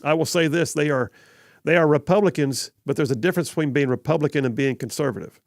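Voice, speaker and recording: A man's voice: fairly high pitch, fast talker, no echo, clean studio sound. A middle-aged man with a Southern accent hosting a live call-in radio show, rambling and chuckling as he corrects himself. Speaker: radio talk show host. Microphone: studio microphone.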